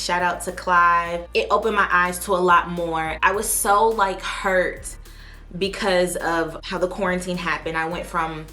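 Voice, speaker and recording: A woman with a slightly low voice talks straight into the camera at her desk. She is chatty and spontaneous, open about her hopes, with faint music playing underneath. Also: a bit bright. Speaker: vlogger and aspiring actress. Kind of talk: casual chat to camera.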